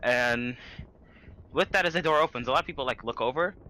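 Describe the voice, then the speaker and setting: A man's voice: mid-range voice, a little fast, pushed and bright, slight background noise, low-quality recording. A man narrating a tabletop game as game master, casual and chatty with lots of filler words. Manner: casual, full of fillers and laughs.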